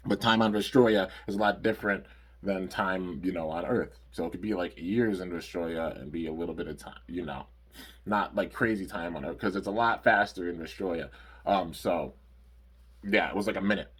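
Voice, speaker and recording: A man's voice: deep voice, normal speed, a bit bright, slightly rough. A man casually recapping cartoon episodes in a rambling review. He uses lots of fillers and stops to correct himself.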